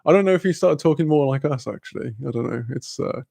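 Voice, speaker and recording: Gravelly young man chatting. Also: fairly high pitch, fast, warm tone, no room sound. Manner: chatty, laughing often, many fillers. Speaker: streamer. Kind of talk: casual live-stream chat.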